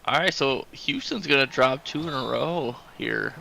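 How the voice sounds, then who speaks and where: Gravelly bright man co-commentating. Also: mid-range voice, measured pace, a little hiss or hum, poor audio. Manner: relaxed, reads stat lines with fillers. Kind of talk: casual sports commentary.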